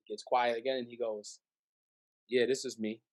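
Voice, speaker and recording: Animated New storyteller, a man. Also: mid-range voice, normal speed. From the Bronx, New York. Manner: animated, acts out voices in his stories. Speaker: podcast guest. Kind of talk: casual storytelling.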